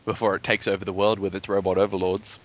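A man's voice: low-pitched, level tone, fast talker. A man co-hosting a casual gaming podcast, joking around and laughing often. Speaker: podcast co-host.

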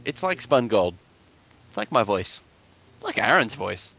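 Man, podcast co-host, casual chat, joking, bright voice, lowish pitch. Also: sing-song, measured pace, vocal fry. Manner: joking, laughs often.

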